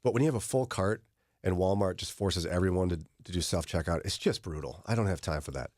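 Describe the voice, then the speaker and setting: A man's voice: deep voice, fast talker, a little mellow, dry recording. A man hosting a morning radio show in the studio, chatting casually and joking with his co-hosts, laughing often. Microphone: studio microphone.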